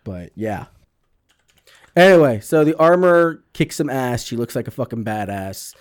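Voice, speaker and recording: On a dry recording, a medium-pitched man takes his time recapping a TV episode as a podcast co-host. He tells it with animation, performing the characters' lines, and swears a great deal in the casual chat.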